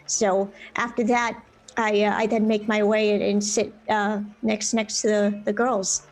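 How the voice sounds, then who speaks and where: A woman's voice: mid-range voice, flat delivery. A woman playing a tabletop game, speaking hesitantly and joking at her own expense. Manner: halting, self-mocking. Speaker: player. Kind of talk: in-character roleplay chat.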